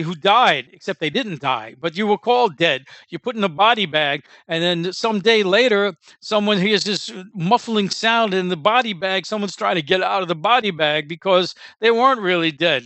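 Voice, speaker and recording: A man's voice: high voice, fairly bright tone, no echo. A man hosting a casual commentary show, talking in a sardonic, rambling way with fillers and sarcastic asides.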